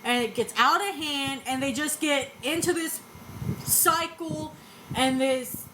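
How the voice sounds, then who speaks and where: A high-pitched woman with a drawl answers her critics bluntly and defensively, swearing as she goes. Faint noise hums behind her voice. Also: slow pace, pushed and bright, low-quality recording. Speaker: vlogger reacting to videos. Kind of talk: casual reaction commentary.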